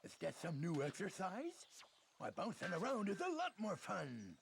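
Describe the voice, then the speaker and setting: An actor playing a bouncy, cheerful male cartoon tiger with a gravelly, folksy, boastful voice. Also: high voice, wildly swooping pitch, normal speed, slight background noise, heavily acted. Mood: cheery.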